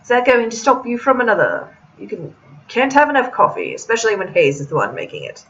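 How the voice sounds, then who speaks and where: A woman's voice: fairly high pitch, huge pitch swings, fairly bright tone, recorded from a distance, highs cut off, heavily acted. A woman putting on a smug, pompous cafe owner. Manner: slow, grand, put-on accent.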